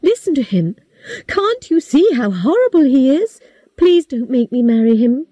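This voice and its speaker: A woman's voice: high voice, very animated, moderate pace, mellow, slightly rough, no room sound, highs cut off, voice pushed up, exaggerated voice. A woman voicing a frightened sixteen-year-old girl who pleads and protests. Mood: pleading. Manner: raised, pleading delivery.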